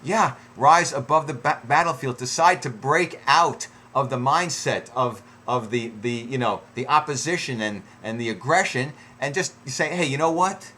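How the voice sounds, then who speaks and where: A man's voice: mid-range voice, normal speed, hardly any pauses, pushed and bright, a little hiss or hum. A middle-aged man giving relationship advice in an unscripted, conversational way, with many fillers and restarts and acted-out quotes.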